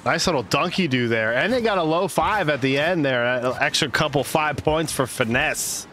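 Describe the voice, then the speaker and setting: A man's voice: fairly high pitch, expressive, moderate pace, pushed and bright, slight background noise. A man hosting a stream and adding playful, jokey color commentary, greeting viewers along the way.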